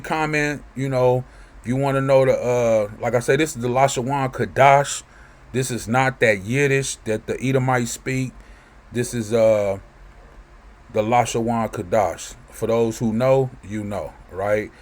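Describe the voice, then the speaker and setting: A man teaching from scripture in a loose, conversational way, reading verses aloud and often checking in with listeners. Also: mid-range voice. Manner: conversational, keeps asking "right?". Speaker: preacher.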